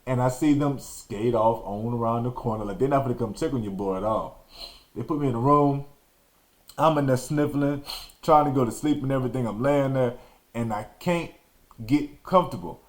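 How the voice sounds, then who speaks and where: A man from Texas hosting a podcast, telling a story in an animated, slangy way and acting out the scenes. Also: medium pitch, normal speed. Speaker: podcast host. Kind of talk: storytelling monologue.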